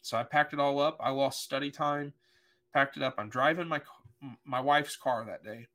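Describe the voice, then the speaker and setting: A middle-aged pastor with a medium-pitched, sharp-toned voice tells a personal story at normal speed during a podcast conversation. He is earnest and emotional, retelling events vividly and voicing the quotes.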